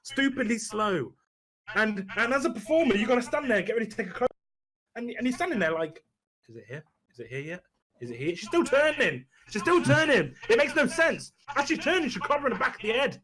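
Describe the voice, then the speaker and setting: High bright guy, swings all over the place, goofing off with friends. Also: fairly quick. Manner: animated, laughing, wrestling-promo delivery. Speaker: podcast guest, retail worker. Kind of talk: casual banter.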